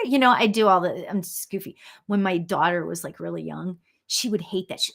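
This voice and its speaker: A woman's voice: lowish voice, lively intonation, normal speed, creaky, a bit bright, slightly rough. A woman hosting a live spiritual reading show, chatting casually with viewers, giggly and full of ums and restarts.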